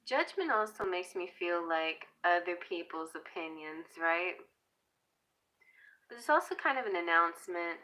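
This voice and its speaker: A woman's voice: fairly low pitch, lively intonation, a little slow, sharp tone. Giggly woman reading tarot live. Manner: giggly, playful, chatty. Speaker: tarot reader.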